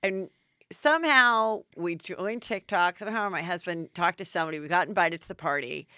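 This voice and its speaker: A woman's voice: lowish voice, normal speed, pushed and bright, clean tone, no echo, studio quality. A middle-aged woman hosting a podcast, chatting and telling stories with easy laughs. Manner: chatty, storytelling, laughs easily. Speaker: podcast host. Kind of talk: casual chat.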